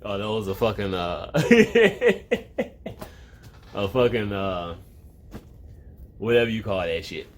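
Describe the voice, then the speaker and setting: A man's voice: lowish voice, very animated, takes it slowly, pauses often. A man hosts a home video, rambling through loose, swear-heavy commentary and often breaking off mid-thought. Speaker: online video host. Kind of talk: profane comedic commentary. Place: at home, with a cat in the room.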